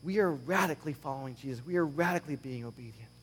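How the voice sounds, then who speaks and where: Guy preaching a sermon, kinda high voice, chatty, reads scripture all animated and sarcastic. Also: fast talker, breathy edge, long reverb tail. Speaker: pastor.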